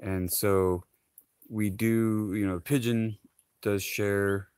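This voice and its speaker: A man talks to his viewers in an unhurried, easygoing ramble, full of "you know" and "uh" and quick laughs. His voice sits a little low and comes across close and dry, with no room sound. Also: level tone, darkish tone, smooth, dry recording. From Hawaii. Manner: laughs often, rambling with many fillers. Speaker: vlogger. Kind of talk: casual chat to camera.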